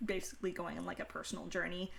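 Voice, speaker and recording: A woman's voice: lowish voice, level tone, very fast, vocal fry. A woman hosting a casual chat stream, talking in a playful Valley Girl lilt and giggling often. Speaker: streamer host.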